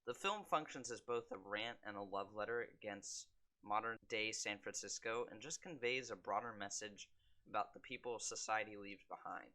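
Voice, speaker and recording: A young man reviewing films in a casual monologue, with quick wry asides and deadpan jokes. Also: lowish voice. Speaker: film vlogger.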